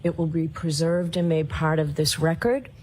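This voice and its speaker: Woman judge, formal and measured, lowish voice. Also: little pitch movement, darkish tone, slight background noise. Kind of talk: formal courtroom address.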